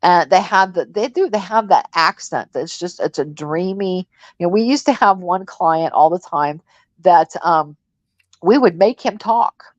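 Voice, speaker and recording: Unhurried and expressive, a woman with a lowish voice co-hosts a livestream from Missouri. She rambles frankly through casual chat, and the audio is dry, dull and lo-fi without echo.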